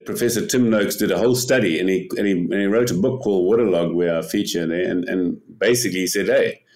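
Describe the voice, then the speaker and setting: A man's voice: low voice, fast talker. An older man, a podcast guest, talking in casual interview style, telling stories energetically, often repeating words and acting out what others said. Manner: animated storyteller, repeats words, acts out quotes. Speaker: podcast guest, ocean paddler.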